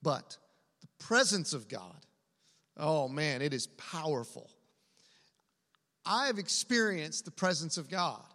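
Forceful bright-voiced pastor preaching. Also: male voice, on the high side, big pitch swings, takes it slowly, pauses often. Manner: conversational, earnest storytelling. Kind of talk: sermon with storytelling. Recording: long hall reverb.

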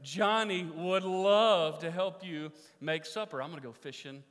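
A man doing a scheming little girl, lifted a bit higher and a touch louder, all sweetness with a teasing lilt. It rings in a big echoing room, told as part of a story. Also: a little slow. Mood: sly. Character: sly bossy little girl, blackmailing her brother.

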